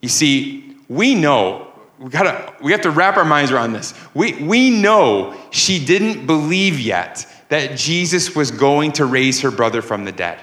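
A man's voice: fairly high pitch, very animated, unhurried, fairly bright tone. A man preaching a sermon as pastor, emphatic, with rising and falling cadence. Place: church sanctuary. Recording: echoey church room.

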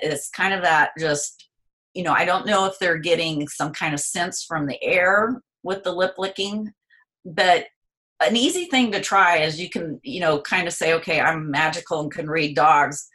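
A woman's voice: lowish voice, pushed and bright. A woman speaking as a guest expert on a call, explaining pet behavior in a conversational way and sometimes voicing a dog's thoughts. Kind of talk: conversational interview. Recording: voice on a call line.

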